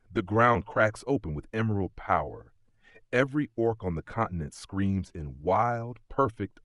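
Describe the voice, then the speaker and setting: A man's voice: sits low, fairly bright tone, no room sound, clean studio sound. A man telling an epic story in scripted dramatic narration.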